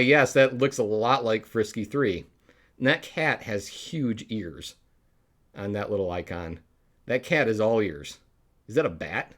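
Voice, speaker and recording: A man's voice: lowish voice, a bit bright. A man hosting a public access show, rambling through a sign-off and laughing at his own bad jokes. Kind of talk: rambling live sign-off chat.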